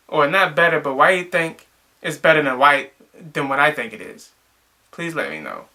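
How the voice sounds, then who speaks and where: A man's voice: a little high, lively intonation, moderate pace, sharp tone. A young man casually reviewing a movie, rambling and exasperated, with lots of filler words.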